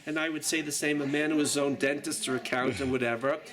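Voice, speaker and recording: A man's voice: a little high, fairly even intonation, fast talker, rough recording. A man in his sixties with a New York accent, a journalist rambling chattily through a casual tour of his exhibition, full of jokey asides. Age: 60s. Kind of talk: casual guided tour talk.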